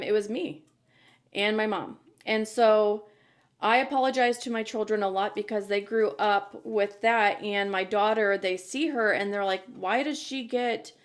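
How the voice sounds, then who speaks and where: A woman in her thirties hosting a podcast, talking candidly and earnestly in a casual chat. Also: mid-range voice. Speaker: podcast host.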